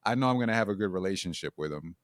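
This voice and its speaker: A man's voice: sits low, lively intonation, racing, no echo, studio quality. A man, a parent, talking as a podcast guest in a playful, teasing way and laughing often. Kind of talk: casual chat.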